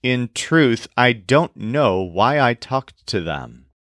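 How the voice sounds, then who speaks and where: A man teaches a language lesson on a dry, close recording with no room sound, his pitch animated and lilting. He goes slowly and carefully, spelling out words one letter at a time.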